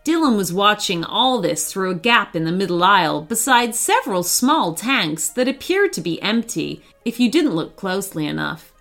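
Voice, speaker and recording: A woman's voice: mid-range voice, big pitch swings, normal speed, hardly any pauses, a bit bright, faint music behind. A woman reading a children's story aloud, telling it expressively.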